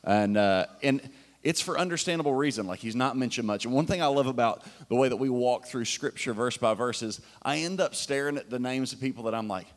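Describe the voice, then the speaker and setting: A man's voice: medium pitch, fairly quick. A man preaching a sermon in a casual, enthusiastic way, with fillers and restarts. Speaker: pastor.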